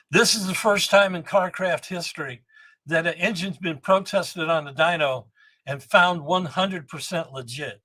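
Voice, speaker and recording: A man in his seventies, a guest on a podcast, telling rambling, animated anecdotes about engine building and often restarting his sentences. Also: on the high side. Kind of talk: storytelling podcast interview.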